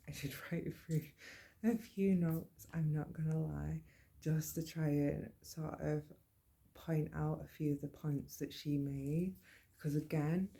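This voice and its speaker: A woman giving an earnest, measured personal monologue about mental health. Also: low-pitched, mellow, slightly rough. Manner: earnest, measured, plain-spoken. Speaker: podcast host.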